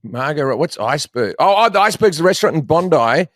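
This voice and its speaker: A man's voice: fairly high pitch, animated, quick pace, a bit bright, no room sound, clean studio sound. A man in his forties with an Australian accent, a comedian rambling through stories in casual chat and swearing freely. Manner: profane, storytelling, rambling. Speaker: comedian guest.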